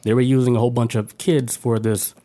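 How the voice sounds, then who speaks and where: A man's voice: mid-range voice, level tone, a little fast, dark tone. A man co-hosting a podcast, talking loosely and profanely with lots of filler words. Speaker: podcast co-host. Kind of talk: casual chat.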